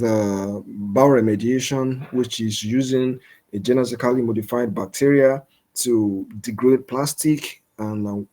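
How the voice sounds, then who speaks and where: A man's voice: medium pitch, warm tone. A young man from Nigeria giving an informal science lecture, explaining step by step with many fillers and restarts. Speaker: guest lecturer.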